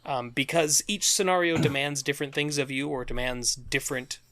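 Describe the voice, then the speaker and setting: A man on a podcast talks in long, animated stretches and leans on "like" and "um." His voice has a bright, forceful edge. The tone is loose, casual chat among friends. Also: medium pitch, a little fast. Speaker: podcast co-host.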